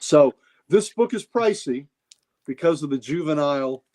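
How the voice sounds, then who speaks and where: A man's voice: on the high side, expressive, normal speed, a little mellow. Enthusiastic rambling male comic collector. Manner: enthusiastic, rambling, repeats words. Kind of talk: casual livestream chat showing comics.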